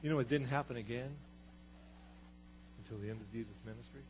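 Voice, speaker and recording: Animated preacher with a dull, humming sound. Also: male voice, medium pitch, a little fast. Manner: animated storytelling, swings from loud to hushed. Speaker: pastor. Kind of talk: sermon. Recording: dull sound with faint hum.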